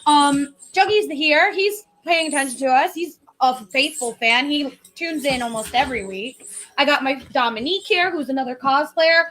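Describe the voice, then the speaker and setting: A woman's voice: high voice, moderate pace, fairly bright tone. A woman hosting a podcast in casual chat, chatty and playful, laughing often. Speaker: podcast host.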